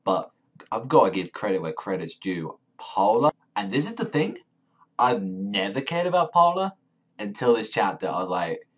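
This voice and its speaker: A man reviewing a manga chapter in a rambling, excitable rant full of swearing and fillers. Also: on the low side, fairly quick, slightly rough.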